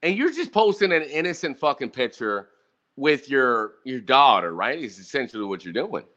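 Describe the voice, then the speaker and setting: A man's voice: mid-range voice, big pitch swings, moderate pace, bright, forceful tone. A man in his thirties hosting a casual podcast chat, ranting and swearing while talking straight to the audience. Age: 30s. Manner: profane, ranting, talks to the audience. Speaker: podcast host. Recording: dull lo-fi audio.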